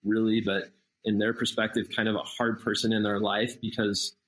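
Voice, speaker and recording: A man, a missionary guest on a podcast, telling a personal story in a casual, animated way and acting out the dialogue. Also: on the low side, moderate pace, low-quality recording. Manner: animated, acts out quoted dialogue.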